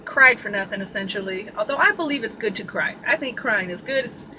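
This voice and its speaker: A woman's voice: mid-range voice, animated, a little fast, noisy background. A woman from Sacramento telling a story in a casual, blunt and profane way, full of asides. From Sacramento, California. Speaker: vlogger.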